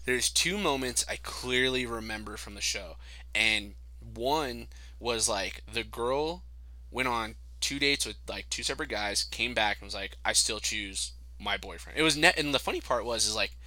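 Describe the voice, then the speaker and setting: Young adult male co-host, bright tone, swears freely, acts out quotes in chat. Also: mid-range voice, moderate pace, no echo, low-quality recording. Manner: profane storytelling, acts out quotes. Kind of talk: casual chat.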